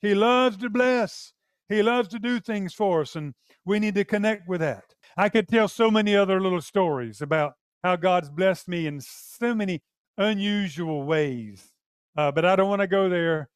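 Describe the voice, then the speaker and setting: A man's voice: sits high, moderate pace, clear, resonant tone, no room sound. An older man preaching a sermon, telling a personal testimony and acting out the dialogue in his story. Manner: animated storyteller, acts out dialogue. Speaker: pastor.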